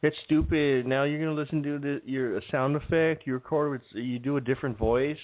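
A man voicing a scornful male heckler who mocks and insults, slower and higher than his own voice. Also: fairly even intonation, lightly acted. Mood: mocking. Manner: mocking, insulting. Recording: phone-like lo-fi with faint music.

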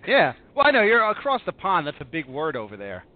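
A man's voice: a little high, wildly swooping pitch, fairly quick, narrow, tinny audio. A man co-hosting a casual talk show who jokes playfully and laughs easily. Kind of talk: casual podcast chat.

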